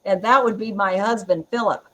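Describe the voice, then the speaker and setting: A woman's voice: medium pitch, steady tone, normal speed, bright, forceful tone, low-quality recording. Chatty woman guest. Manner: chatty, laughs often, strong-willed. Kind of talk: casual interview chat.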